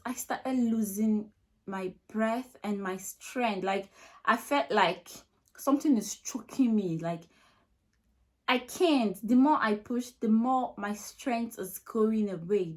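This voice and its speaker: A young Nigerian woman with a Nigerian accent, emotionally retelling a personal story to camera in a repetitive, filler-heavy way. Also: a little high. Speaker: vlogger.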